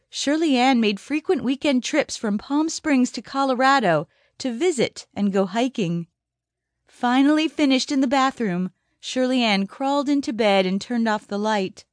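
In clean studio sound without any room sound, a fairly high-pitched woman reads scripted audiobook narration. Her storytelling stays even and measured throughout.

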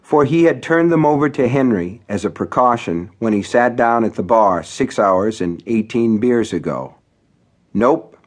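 A man's voice: medium pitch, lively intonation, normal speed, hardly any pauses. A man narrating his own horror novel for an audiobook. His telling is wry and conversational, dry humor slipping into the prose.

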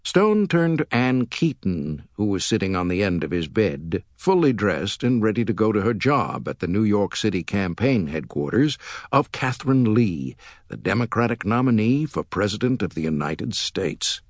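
A male audiobook narrator with a fairly low voice that rises and falls with lively expression. He reads in a measured, storytelling way. The recording is close and completely dry. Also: dry recording. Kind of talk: scripted narration. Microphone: close studio mic.

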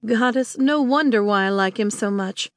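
A woman's voice: on the high side, normal speed, no room sound, studio quality, lightly acted. A woman narrator voicing a mischievous, flustered young witch who bursts into exasperated, whiny exclamations.

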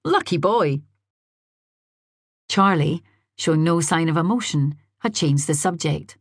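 A woman with a low, slightly husky voice reads a novel in a measured, drily wry storytelling manner. She sits close to a studio mic in a dry booth with no room sound around her. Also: no room sound. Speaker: audiobook narrator. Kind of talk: scripted narration.

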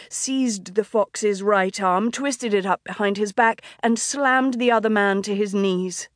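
Slow, measured woman audiobook narrator. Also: mid-range voice, dry recording, clean studio sound. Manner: measured, even storytelling. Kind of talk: scripted narration. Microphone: studio microphone, close.

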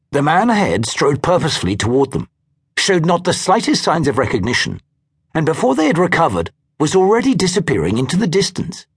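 Husky, lively male audiobook narrator. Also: on the high side, fairly quick.

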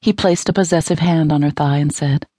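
A woman narrating a romance audiobook in an intimate, even storytelling manner on a close studio mic. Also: low-pitched, a little fast, dry recording.

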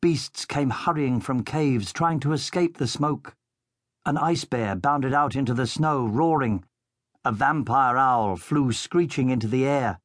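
A man narrating a children's audiobook in a steady, measured storytelling voice into a studio microphone. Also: medium pitch, no echo.

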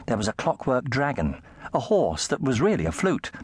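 A man narrating a children's fantasy audiobook in an animated storytelling manner. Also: normal speed, husky. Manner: animated storytelling, shifting pitch for effect. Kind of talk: scripted narration. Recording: dry close studio sound.

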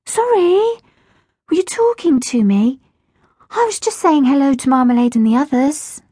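A woman voicing a bubbly, dreamy young girl who talks in an excitable, giggly rush, reading a children's audiobook. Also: high voice, normal speed, no echo, clean studio sound, pitched above the performer's own voice. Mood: excited.

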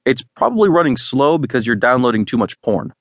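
A man's voice: mid-range voice, big pitch swings, brisk, dry recording, voice pushed up. A male audiobook narrator voicing a teasing, boastful middle-aged father who is a tech expert. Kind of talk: audiobook dialogue.

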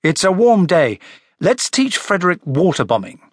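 A man's voice: high voice, big pitch swings, moderate pace, slightly rough, dry recording, clean studio sound, pitched above the performer's own voice, exaggerated voice. A man voicing a friendly, eager young boy. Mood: encouraging. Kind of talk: audiobook character voice.

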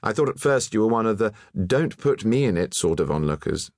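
A blunt, gruff young woman painter , as a male narrator puts her on, speaking clipped and impatient in a storybook reading. The voice sits well above the reader's own deep register, dry and close with no room around it. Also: sing-song, a little fast, a little mellow, no echo. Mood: brisk. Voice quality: gruff, curt.

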